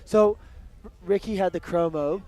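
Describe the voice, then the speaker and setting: A man commentates a live sports stream in a notably high voice. He is excitable and jokey, and he trades quick banter with his co-host as he calls each trick.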